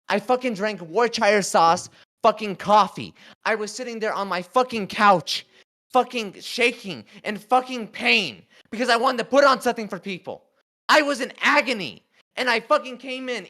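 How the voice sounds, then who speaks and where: A man's voice: extremely high pitch, bright, forceful tone. Furious, swearing young man in a heated argument. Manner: upset, swearing, emotional outbursts. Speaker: show crew member. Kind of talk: heated on-air confrontation.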